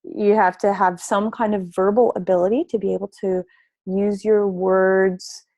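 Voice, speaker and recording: A woman giving a webinar as a family therapist, explaining calmly and acting out example talks with children. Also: mid-range voice, a little slow, no room sound. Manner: gentle, explanatory, acts out example dialogues with children. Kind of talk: spoken webinar presentation.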